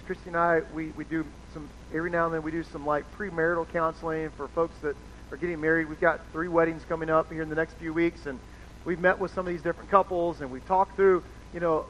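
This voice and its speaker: A man whose voice is a little high and fairly bright preaches a conversational sermon as pastor. He keeps it easygoing and chatty, dramatizing whoever he quotes, in a dull lo-fi recording with faint noise.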